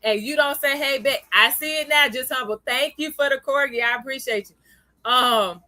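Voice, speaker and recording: A woman's voice: high-pitched, moderate pace, sharp tone, no room sound. A woman hosting a casual livestream, chatting with viewers, greeting them by name and laughing often. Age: adult, parent of a young child. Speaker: livestream host.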